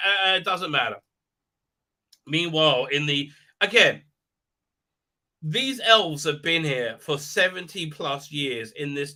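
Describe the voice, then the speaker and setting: A man's voice: on the high side, bright, forceful tone. A man hosting a live stream, giving a sarcastic, rambling recap with many "uh, uh" hesitations and sneering asides.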